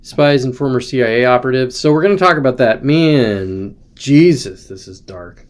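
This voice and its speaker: Man, livestream host, loose rambling chat at his desk, mid-pitched voice, lots of ums and self-corrections. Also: expressive, normal speed. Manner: digressive, chatty, frequent ums and self-corrections. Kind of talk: casual rambling livestream talk.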